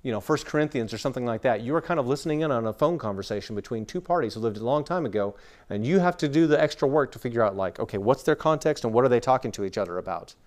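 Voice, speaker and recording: A man from West Texas gives a relaxed, conversational Bible lecture to a room of people. His pitch sits in a middling range for a man. He talks his audience through ideas with homely anecdotes and quick acted-out quotes. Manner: chatty, explains through everyday stories and acted-out quotes. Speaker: Bible teacher.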